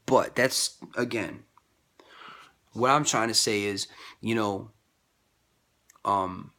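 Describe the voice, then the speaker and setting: Guy ranting about religion, gravelly voice, bright edge, kinda rambly. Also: slow. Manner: rambling, repeats himself, rises high when quoting others. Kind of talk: casual monologue on faith.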